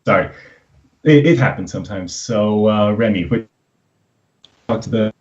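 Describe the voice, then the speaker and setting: A man's voice: lowish voice, moderate pace, a little mellow. A man playing a tabletop role-playing game over a video call that cuts out, hesitant and full of fillers. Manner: hesitant, many fillers and restarts. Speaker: player. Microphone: video call, cutting out. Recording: dull lo-fi call audio.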